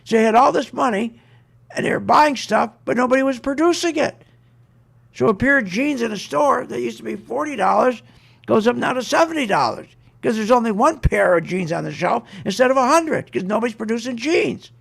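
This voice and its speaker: Male radio host, very high and gravelly, indignant political ranter, sarcastic. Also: expressive, fairly bright tone. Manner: indignant, rapid, mocking with sarcastic quoted asides. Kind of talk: political rant on a talk radio show.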